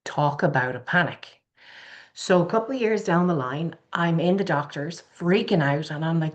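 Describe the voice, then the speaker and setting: A middle-aged woman with an Irish accent, a podcast guest telling a personal story in a candid, heartfelt, animated way. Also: low voice, moderate pace. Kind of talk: personal storytelling in casual chat.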